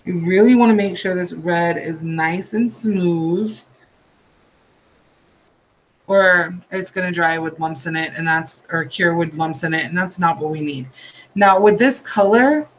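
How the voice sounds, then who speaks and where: A tired man talks viewers through a nail art tutorial in a loose, chatty way, wandering into asides as he works. His voice sits high for a man. A faint background hum runs beneath him. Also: measured pace, fairly bright tone, poor audio. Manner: chatty, rambling asides while working. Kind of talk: casual step-by-step tutorial.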